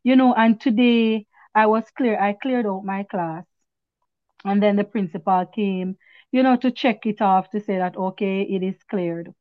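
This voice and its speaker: A woman's voice: medium pitch, unhurried, dry recording. A woman, a teacher, giving a faltering, fervent testimony at an online prayer meeting, repeating her words as she goes. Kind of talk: emotional spoken testimony. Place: home video call. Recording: dull dry video call audio.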